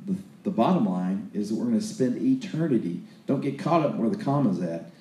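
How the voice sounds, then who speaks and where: A man's voice: on the low side, expressive, brisk, warm tone, roomy sound. A man preaching a sermon in a folksy, storytelling way, often restarting his sentences.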